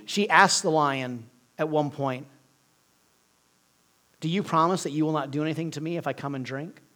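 A male preacher delivering an earnest sermon, swinging between loud emphasis and hushed, near-whispered lines. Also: medium pitch.

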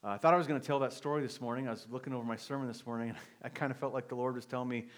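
A middle-aged male pastor telling a personal story in a sermon, moving from quiet confession to emphatic preaching. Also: mid-range voice, very fast, few pauses.

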